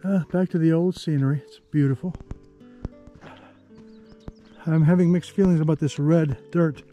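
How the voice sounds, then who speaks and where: A man narrating a hike to the camera on an outdoor canyon trail, easygoing and chatty, thinking aloud with pauses. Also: a little high, fairly even intonation, mellow, soft background music. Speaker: travel vlogger.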